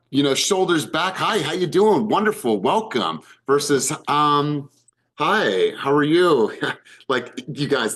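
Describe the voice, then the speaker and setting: A man's voice: medium pitch, a bit bright. Enthusiastic male sales coach on a call. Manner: enthusiastic, emphatic, repeats words for effect. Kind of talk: energetic group coaching call. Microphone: video call.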